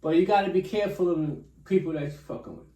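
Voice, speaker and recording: A man's voice: high voice, quick pace, a crowd in the background. A man with a New York City accent, a guest chef telling stories animatedly and acting out dialogue in street slang. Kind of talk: casual storytelling. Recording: echoey room, mic at a distance.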